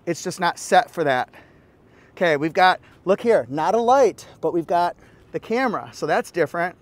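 A man's voice: high voice, animated, moderate pace. A man giving a walkaround car review, upbeat and playful with jokey asides.

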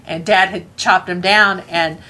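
A woman's voice: lowish voice, fairly even intonation, a little slow, bright, forceful tone. A woman with a Scottish accent telling a family anecdote in a casual way, chuckling often and acting out what her parents said. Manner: chuckling, acts out family members' lines. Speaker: storyteller.

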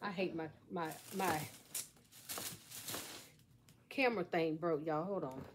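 A woman's voice: low-pitched, normal speed, background noise. A middle-aged woman chatting folksily to her viewers while showing a craft at home, recorded on a camera set on a table. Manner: folksy, playful, talks straight to viewers. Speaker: craft vlogger. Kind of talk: chatty how-to vlog. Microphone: camera on a stand at a table.

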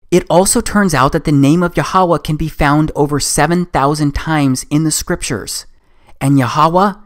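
A man giving a scripted documentary voice-over, speaking with earnest, preaching conviction. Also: medium pitch. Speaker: documentary narrator.

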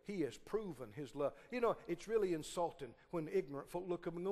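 High, lively-voiced male preacher. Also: normal speed, hardly any pauses, long reverb tail. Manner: animated preaching with call-and-response. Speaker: pastor. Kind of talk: sermon. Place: church sanctuary.

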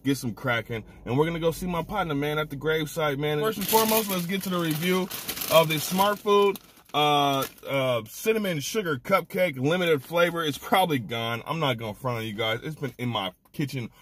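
A man's voice: fairly high pitch, brisk, fairly bright tone. A man hosting a casual snack review vlog, talking with slang and open emotion. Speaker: food reviewer host.

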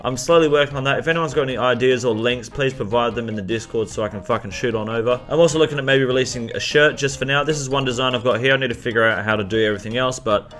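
A man's voice: medium pitch, fast talker, hardly any pauses, fairly bright tone, faint music behind. A man hosting a casual game news vlog, talking crudely and swearing freely. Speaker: host.

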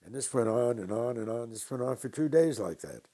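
An older man from New York telling stories from his past slowly and with dry humor in an interview. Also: mid-range voice, animated, warm tone. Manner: slow, deliberate anecdotes with dry humor. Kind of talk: storytelling interview.

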